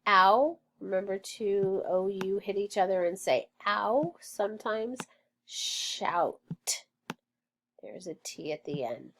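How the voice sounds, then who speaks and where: A woman teaching a phonics lesson, sounding out words slowly and encouraging the learner as she goes. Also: medium pitch, darkish tone, a little hiss or hum. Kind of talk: slow, deliberate phonics lesson. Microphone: online lesson recording.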